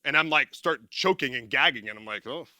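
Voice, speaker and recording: A man giving a casual motivational talk to an audience, energetic and rambling, often correcting himself and laughing at his own slips. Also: mid-range voice, a little fast, no echo, clean studio sound. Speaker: former military speaker and success coach.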